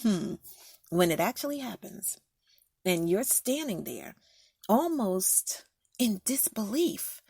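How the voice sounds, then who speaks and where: A woman's voice: mid-range voice, big pitch swings, slow, creaky, pauses often, warm tone, slightly rough, no echo, studio quality. A middle-aged woman hosting a faith podcast, speaking candidly and personally in a casual monologue with frequent fillers. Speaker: podcast host giving encouragement.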